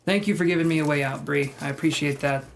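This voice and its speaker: A man's voice: a little high, steady tone, fast talker, vocal fry, noisy background. A man live-streaming tarot readings, chatting with viewers in a joking, self-deprecating way. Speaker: tarot reader.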